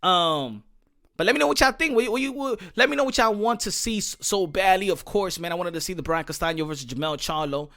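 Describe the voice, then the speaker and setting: A man's voice: high-pitched, a little fast, fairly bright tone. An American man hosting a boxing channel, ranting in a heated, profane monologue full of repeated rhetorical questions. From United States.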